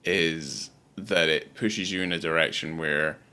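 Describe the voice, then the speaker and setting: A man's voice: extremely low pitch, steady tone, a little slow, pushed and bright. A man in his late thirties co-hosting a podcast, blunt and emphatic in casual talk about films, swearing freely. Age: late 30s. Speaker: podcast co-host. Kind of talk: casual film discussion.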